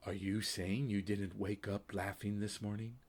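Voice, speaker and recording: A man voicing a ghostly woman's face in an orb who speaks softly and gently scolds. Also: fairly low pitch, little pitch movement, measured pace. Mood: scolding.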